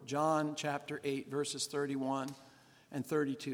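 A man's voice: on the high side, lively intonation, a little slow, a bit bright. A male pastor delivering an earnest, emphatic sermon full of rhetorical questions. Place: church. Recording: reverberant church sanctuary.

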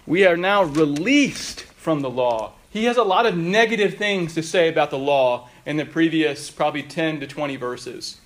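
A man's voice: on the high side, animated, normal speed. A man preaching a sermon, teaching through a text with emphatic rises on the verses he quotes. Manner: emphatic, rising on quoted scripture. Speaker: pastor.

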